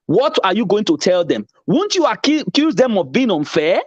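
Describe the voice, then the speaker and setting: Heated debater, man, high and animated voice, dry dull lo-fi recording. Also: normal speed, dry recording. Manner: insistent, lecturing, repeats himself. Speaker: debater in a political argument. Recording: dull lo-fi sound.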